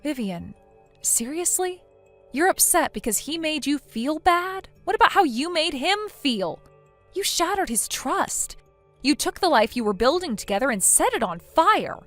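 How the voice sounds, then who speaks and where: A woman's voice: sits high, big pitch swings, measured pace, fairly bright tone, soft background music, full character voice. A synthetic woman's voice playing a blunt young woman who lectures her friend sternly in a text-message story. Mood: scolding. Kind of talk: text-to-speech text story narration.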